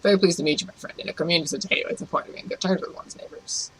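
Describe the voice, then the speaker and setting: A man's voice: on the high side, steady tone, rapid-fire, a bit bright, slight background noise, close to an everyday voice, poor audio. A man reading the lines of a cultured, pleasant male mechanic with a faint Russian accent in his own voice. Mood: courteous. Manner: pleasant, polished and courteous.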